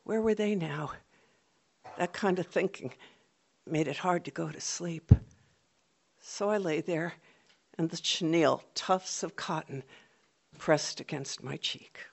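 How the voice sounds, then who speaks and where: A woman's voice: deep voice, takes it slowly, creaky, pauses often, husky. A woman telling a personal story on stage, vivid and dramatic.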